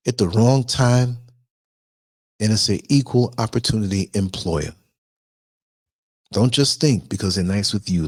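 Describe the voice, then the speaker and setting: A man with a New York accent, a podcast host telling a story in a casual monologue, animated and acting out the voices he quotes. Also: lowish voice, slightly rough, no room sound.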